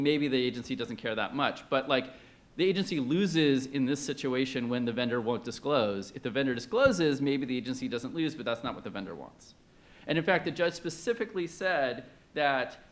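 Man, mid-pitched, presenting at a conference; loose, halting, chatty delivery. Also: a bit bright. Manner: conversational, hesitant, many fillers, questions to the audience. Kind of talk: academic conference talk.

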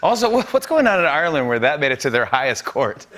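A man's voice: medium pitch, big pitch swings, fast talker, a crowd in the background. A man in his forties hosting a late-night show, delivering a joking monologue and laughing at his own jokes. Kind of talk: comedy monologue.

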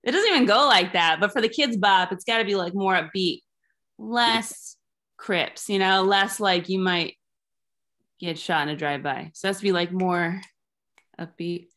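A woman in her thirties doing a rambling, deadpan stand-up set over Zoom. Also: medium pitch, moderate pace. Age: 30s. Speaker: stand-up comedian.

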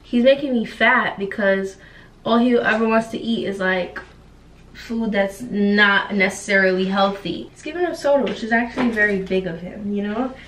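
A woman's voice: mid-range voice, moderate pace, fairly bright tone, echoey room, far from the mic, slight background noise. A young woman chatting casually on a home vlog, laid-back and slangy, laughing often. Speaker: vlogger.

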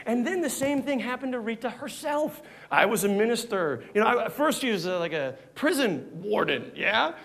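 An American man doing live stand-up comedy on a theater stage, animated and switching into mock voices and bits of Dutch. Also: very high voice, normal speed, creaky, few pauses. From United States. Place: theater stage before a laughing audience.

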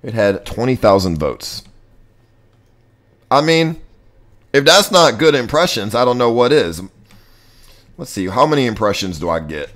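A young man live-streaming in casual, profane chat, talking to himself excitably. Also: mid-range voice, unhurried, pauses often.

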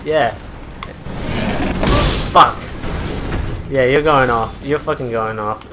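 A woman doing gameplay commentary, swearing constantly and swinging between furious yelling and low muttering. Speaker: gamer playing a shooter. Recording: loud game noise behind the voice. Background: game gunfire and ambience.

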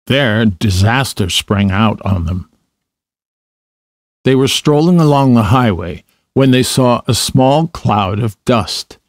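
A man reads a children's story aloud in an even, mid-pitched voice, unhurried and measured. The recording is close and dry with no room sound. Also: no echo. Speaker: narrator.

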